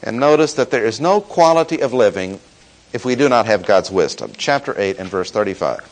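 A man preaching an expository sermon, teaching in a measured, emphatic way and slowing down to stress key words. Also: lowish voice, lively intonation, poor audio.

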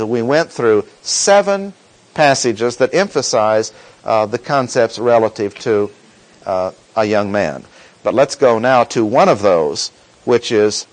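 A man delivers a sermon in an animated, rising-and-falling voice. He leans on quoted verses with deliberate emphasis and turns to the congregation with questions. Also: medium pitch, rough recording. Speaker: preacher.

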